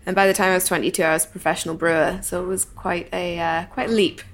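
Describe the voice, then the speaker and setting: A woman's voice: on the low side, level tone, fast, a little hiss or hum. A woman in her twenties from North East England, speaking frankly as an interview guest in a posh Geordie accent with a Scottish tinge, laughing often. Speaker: guest brewer. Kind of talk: interview conversation.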